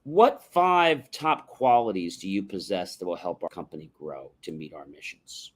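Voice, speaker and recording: Sitting low and expressive, this man speaks at normal speed into a livestream microphone as host of a motivational stream. His explanations are instructive, setting yes-no questions against open ones, with frequent rhetorical "right?"s.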